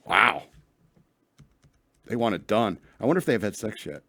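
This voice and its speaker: A man's voice: fairly low pitch, very animated, normal speed, creaky, long pauses, dry recording, studio quality. Sarcastic man hosting a talk show. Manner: rambling, sarcastic asides. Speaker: radio show host. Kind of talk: casual solo podcast talk.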